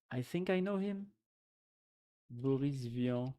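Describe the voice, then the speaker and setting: A man's voice: a little high, animated, slow pace, darkish tone. A man from France with a French accent, chatting casually on a live stream and thinking aloud with lots of fillers.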